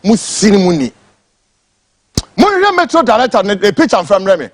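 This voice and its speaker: A man's voice: high voice, very animated, fairly quick. A Ghanaian man giving an angry, impassioned political rant, switching between English and Twi. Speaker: political commentator.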